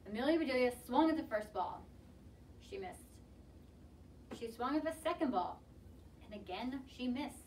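A woman reading a children's picture book aloud in an expressive, lively way. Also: sits high, moderate pace, long pauses, slight background noise. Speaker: storybook reader. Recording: distant mic with faint ambience.

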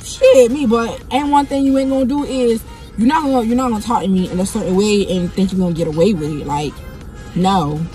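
A young woman vlogger telling a story in a blunt, profane and animated way, often going off on tangents. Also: mid-range voice, brisk, faint music behind. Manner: blunt, profane and animated, keeps getting sidetracked. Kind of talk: casual storytime monologue.

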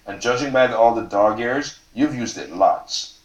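A man's voice: mid-range voice, animated, moderate pace, close to an everyday voice. An author reading the part of a sarcastic, prying American man who needles with pointed questions, in a roomy hall. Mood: needling. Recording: roomy hall, mic from far off.

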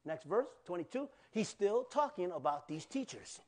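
A male pastor preaching a sermon, telling a personal story with animated acted-out cries and asides to the congregation. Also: high-pitched, moderate pace, hardly any pauses. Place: church.

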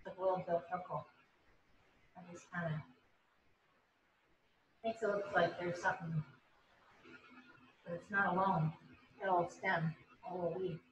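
A woman's voice: fairly low pitch, steady tone, moderate pace, pauses often, highs cut off, slight background noise. A woman teaching an online painting class on a video call, chatty and encouraging. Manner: chatty, encouraging, bubbly when praising. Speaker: painting instructor.

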